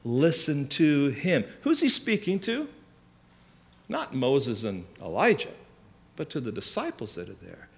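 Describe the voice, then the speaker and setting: A man's voice: mid-range voice, wildly swooping pitch, measured pace, creaky, long pauses. A man preaching a sermon, explaining scripture with emphatic rhetorical questions and restarts. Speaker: pastor.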